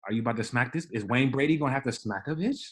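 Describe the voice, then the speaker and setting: A young man from the Washington DC area of Maryland, with a mid-range voice and rapid-fire delivery, co-hosts a podcast. In casual chat he tells a story as an animated storyteller, acting out the voices of the people in it.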